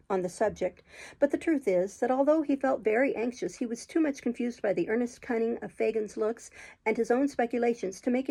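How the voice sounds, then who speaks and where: A woman reading a classic novel aloud as an audiobook, in a steady, measured storytelling manner. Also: on the high side, vocal fry, rough recording. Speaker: audiobook reader, channel host.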